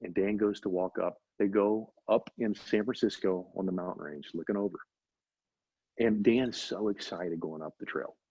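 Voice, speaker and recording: A man with a husky voice tells a story in a lively interview and keeps driving his points home. The audio is dull and lo-fi, like a low-grade stream. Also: normal speed, no room sound. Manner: emphatic, repeats for effect. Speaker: guest, doctor. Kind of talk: animated storytelling in conversation.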